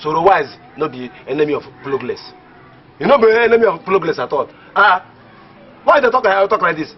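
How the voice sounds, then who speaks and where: A man's voice: fairly high pitch, fairly quick, faint music behind, lightly acted. A man playing a teasing village friend. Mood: advising. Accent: Nigerian. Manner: lively, teasing, repeats catchphrases. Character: skeptical village friend, teasing, gives advice. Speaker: actor in a comedy film. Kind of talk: Pidgin comedy film acting. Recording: dull lo-fi film audio.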